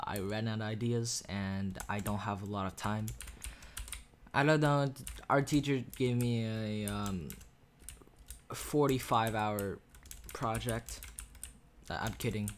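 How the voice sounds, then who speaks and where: Faint keyboard and mouse clicks sit behind a lowish-voiced man, a gaming YouTuber, as he casually rambles over his gameplay, cracking jokes and trash-talking opponents. His USB desk microphone picks up a little hiss or hum.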